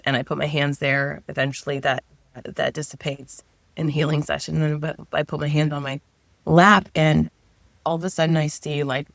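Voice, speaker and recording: A guest, a middle-aged woman with a low voice, shares a personal story in a relaxed, chatty style, free of room sound. She frequently uses "like" and voices what she was thinking at the time.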